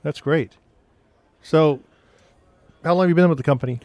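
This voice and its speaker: A man's voice: a little high, normal speed, a little mellow, no echo. A man hosting a casual interview, asking short questions and giving brief encouraging replies.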